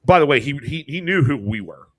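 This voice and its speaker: Animated American man telling a story. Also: brisk. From United States. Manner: animated, swearing, jumps pitch when quoting people. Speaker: podcast co-host. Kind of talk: casual storytelling chat.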